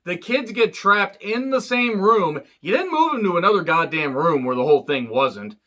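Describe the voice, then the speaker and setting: Bright-voiced man rambling through a film recap. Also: big pitch swings, moderate pace. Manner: rambling and profane, with many fillers and wisecracks; jumps up in pitch when acting out quotes. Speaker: movie reviewer. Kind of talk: casual spoken film recap.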